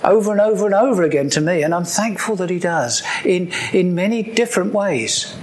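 A man's voice: high voice, expressive, a little fast, a little hiss or hum. A man preaching a sermon in a conversational way, with joking asides and repeated key points.

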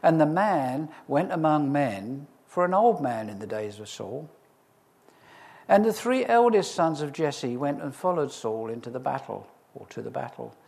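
Male preacher, expository sermon, animated and expressive, slightly higher voice, humorous asides. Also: unhurried, creaky. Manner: lively, humorous storytelling with asides. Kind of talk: expository sermon reading scripture.

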